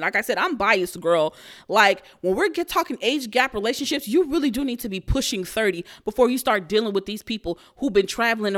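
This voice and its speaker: A woman in her thirties hosting a podcast, telling a story in a blunt, profane way that breaks into loud outrage. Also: mid-range voice. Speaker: podcast host. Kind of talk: casual storytelling rant.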